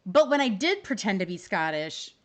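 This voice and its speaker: A woman's voice: mid-range voice, big pitch swings, normal speed. A woman co-hosting a live stream in casual chat, playful, asking questions and reading out chat messages. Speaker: streamer and co-host.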